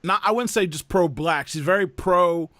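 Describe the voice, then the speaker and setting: A man hosting a podcast, telling family stories in animated casual chat. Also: high-pitched, moderate pace, no echo, clean studio sound. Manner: animated storyteller who mimics voices. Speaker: podcast host.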